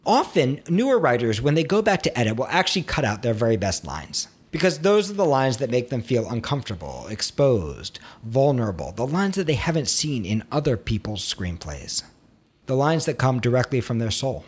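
A man's voice: medium pitch, very animated, normal speed, breathy edge. A man teaching screenwriting, talking expressively and acting out an inner critic's voice now and then. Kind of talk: instructional talk to camera.

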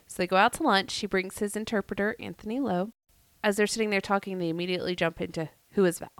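A woman's voice: medium pitch, fairly even intonation, quick pace, fairly bright tone, no echo. A woman, co-hosting a podcast and telling a wild story in a jokey, laughing way. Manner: laughing, jokey retelling with quoted voices. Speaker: podcast co-host. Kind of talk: casual storytelling chat.

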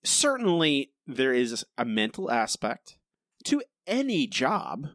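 Lively, exasperated male podcast host. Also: medium pitch, takes it slowly, dry recording, studio quality. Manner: exasperated, ranting, repetitive. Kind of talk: casual podcast chat.

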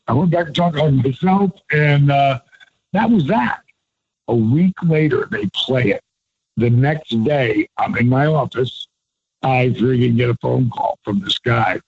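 A man's voice: medium pitch, measured pace, slight background noise. A man, a guest on an interview, telling a loose, profane story and acting out each quoted line with voice shifts. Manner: animated, acts out quotes with voice shifts. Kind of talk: casual storytelling. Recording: dull lo-fi, dry.

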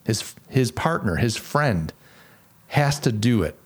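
A man's voice: medium pitch, sing-song, slow. A middle-aged man hosting a podcast, talking casually and reflectively on his own, with many restarts. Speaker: podcast host. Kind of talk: casual solo podcast monologue.

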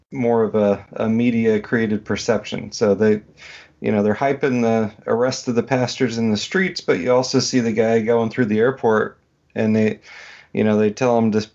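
A man's voice: lowish voice, little pitch movement, moderate pace, darkish tone. A man hosting a podcast, talking in a rambling, questioning way full of "you know" and "like". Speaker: podcast host. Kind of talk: casual podcast conversation. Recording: dull lo-fi podcast audio.

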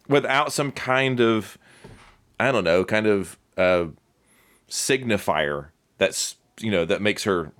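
A man with a very low voice co-hosts a casual podcast chat. He circles around his questions, restarting and laughing at himself as he goes. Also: lively intonation, measured pace, fairly bright tone. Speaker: podcast co-host.

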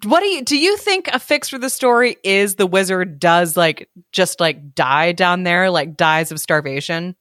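A woman's voice: on the low side, expressive, normal speed, hardly any pauses, fairly bright tone, dry recording, clean studio sound. A young woman podcast co-host chatting casually, laughing often and reacting to a story. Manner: casual, laughing, many "like" fillers. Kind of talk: casual chat.

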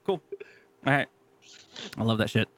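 A man's voice: on the high side, lively intonation, fast, dry recording. Profane, storytelling man on a dry mic. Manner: profane storytelling, acts out quotes, laughs often. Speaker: podcast co-host. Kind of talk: casual chat.

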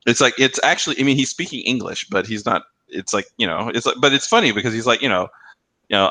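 Male podcast co-host, bright lowish voice, animated storyteller, dry close mic. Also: fast talker, no room sound. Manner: animated storytelling, acts out quoted commercials in raised voices. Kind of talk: casual chat.

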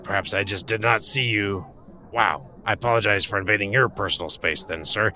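A man's voice: on the low side, fairly quick, bright, forceful tone. A man playing a character in a tabletop role-playing game, with polite, wry in-character narration. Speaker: player.

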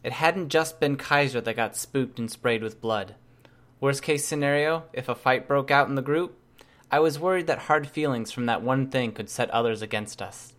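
A man narrating a first-person novel in an even, measured reading style. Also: medium pitch. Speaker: audiobook narrator. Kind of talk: scripted narration.

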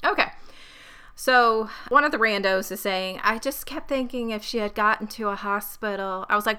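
A woman's voice: medium pitch, normal speed, sharp tone, smooth. A woman co-hosting a podcast in casual chat, chiming in with short agreement and laughing often. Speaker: podcast co-host.

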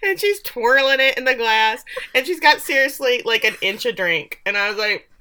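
A woman co-hosting a podcast, recapping a TV episode in casual chat, animated and sarcastic, swearing offhand. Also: fairly high pitch, moderate pace, slight background noise. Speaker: podcast co-host recapping a TV show.

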